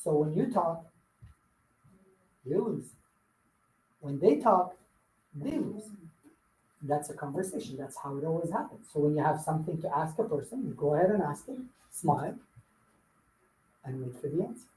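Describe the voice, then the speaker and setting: In an echoey meeting room full of attendees, a man trains salespeople with a slightly high, very animated, mellow voice at a moderate pace, leaving long pauses. There's slight background noise as he playfully hammers home his points with repetition.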